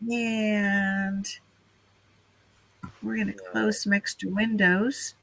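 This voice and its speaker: Bright-voiced woman hosting a live stream. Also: mid-range voice, little pitch movement, drawn-out words, vocal fry, a little hiss or hum, low-quality recording. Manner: chatty, laughs often, talks to chat. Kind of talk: casual live stream chat.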